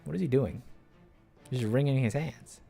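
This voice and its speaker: A male streamer at mid pitch, chatting casually with wry asides while he plays. Faint game music runs under his voice. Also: normal speed, vocal fry, dark tone, breathy edge. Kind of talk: casual gameplay commentary.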